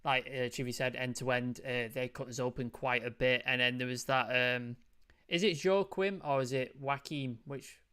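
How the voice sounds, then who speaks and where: A man's voice: medium pitch, little pitch movement, moderate pace, sharp tone, smooth. A man hosting a casual football review chat, loose and chatty, full of fillers. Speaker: host.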